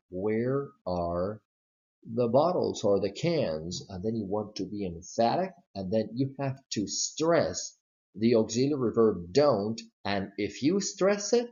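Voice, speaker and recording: Slow, low-voiced man teaching pronunciation. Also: a little mellow, lo-fi sound. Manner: slow, explaining step by step with spoken examples. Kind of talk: pronunciation lesson.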